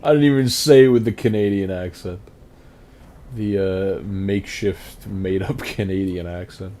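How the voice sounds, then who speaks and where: A man's voice: sits low, fairly even intonation, unhurried, mellow, a little hiss or hum. A man streaming a game, chatting casually and rambling as he reads and answers his chat.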